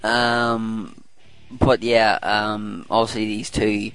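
A man's voice: lowish voice, flat delivery, very slow, a bit bright, clean tone, no room sound, faint music behind. A man co-hosting a casual podcast, joking and teasing his co-host. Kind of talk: casual chat.

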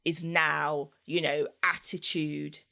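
A woman chats easily as a podcast guest, her voice sitting a little low. She tells her story casually and laughs often. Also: level tone, slow, creaky, sharp tone. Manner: chatty, laughs often, acts out voices in anecdotes.

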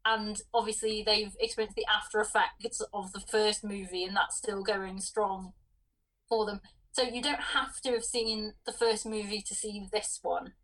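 A woman co-hosts a casual film podcast. She talks thoughtfully, pausing and restarting her sentences. Her voice sounds a bit distant from the microphone. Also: medium pitch, steady tone, fairly bright tone. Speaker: podcast co-host.

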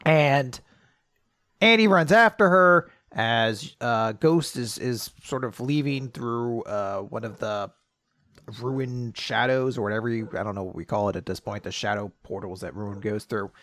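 A man's voice: medium pitch, unhurried, fairly bright tone, no echo, clean studio sound. A man co-hosting a podcast, casually recapping a story with many fillers. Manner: rambling, full of fillers and laughs. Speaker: podcast co-host.

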